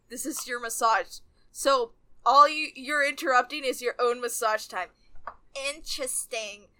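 A woman's voice: sits high, pushed and bright. A woman co-hosting a casual book podcast, ranting with exasperation about the story. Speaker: podcast co-host. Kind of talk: casual book-club chat.

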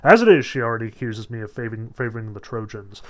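A man's voice: mid-range voice, expressive, quick pace, natural voice. Man doing a pompous blustering king of the gods. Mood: fretful. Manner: pompous, threatening.

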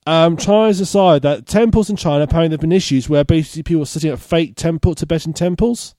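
A man's voice: fairly high pitch, quick pace, dark tone, no echo. Man reading odd news, laughing. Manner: reads out odd news stories with laughing asides. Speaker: podcast host. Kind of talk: casual comedy podcast chat.

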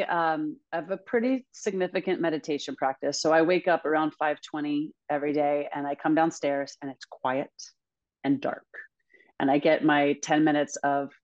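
A woman in her thirties, a guest movement coach telling stories in casual interview chat, animated and quick to laugh. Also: sits low, dull audio. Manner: animated storyteller, laughs often, acts out quotes.

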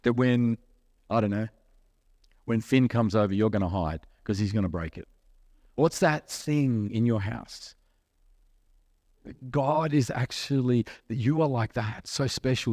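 A man preaches in a relaxed, conversational manner, asking the congregation questions and slipping into acted-out asides. His voice sits at an ordinary middle pitch, and the recording is close and dry with little room sound. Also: unhurried, pauses often, dry recording. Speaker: pastor. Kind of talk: sermon.

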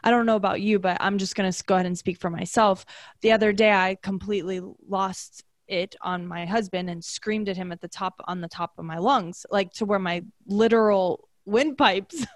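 A woman with a mid-pitched voice chats openly about her own experience. She rambles a bit, with fillers and self-corrections. The sound is dry and close. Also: moderate pace, no room sound. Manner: candid, chatty storytelling with fillers. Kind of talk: casual conversational chat.

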